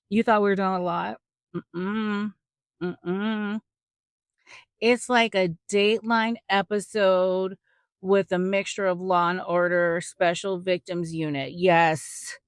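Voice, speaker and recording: A woman hosting a podcast, teaching a Bible story in a chatty, animated way with joking asides to her listeners. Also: on the low side, no echo, studio quality. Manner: chatty and animated, acts out quotes with big voice swings. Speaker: podcast host.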